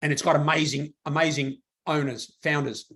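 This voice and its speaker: A man giving an enthusiastic motivational sales pitch to a live audience, repeating himself for emphasis. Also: steady tone, moderate pace, creaky, a bit bright. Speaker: presenter at a business meeting.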